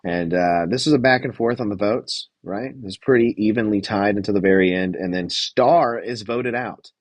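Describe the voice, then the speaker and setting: A man's voice: fairly low pitch, moderate pace, no room sound. A young man hosting a casual show recap, rambling and swearing with lots of fillers while reading chat aloud. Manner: reads live chat aloud. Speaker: podcast host reviewing a reality show.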